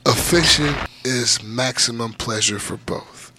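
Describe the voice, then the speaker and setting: A man co-hosting a podcast, trading raunchy casual banter and loudly mimicking voices for laughs. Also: mid-range voice, unhurried, slight background noise. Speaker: podcast co-host.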